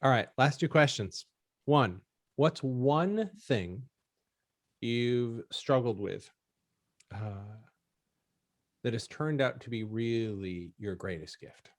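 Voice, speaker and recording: A man's voice: medium pitch, slow, long pauses, dry recording, clean studio sound. A man hosting an interview, asking questions and giving short, supportive replies. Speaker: interview host.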